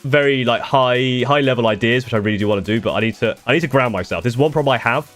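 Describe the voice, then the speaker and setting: Fast-talking man rambling on stream. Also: mid-range voice, a bit bright, soft background music. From United Kingdom. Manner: rambling with restarts and swearing, quick bursts. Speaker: streamer answering chat. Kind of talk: casual live-stream chat.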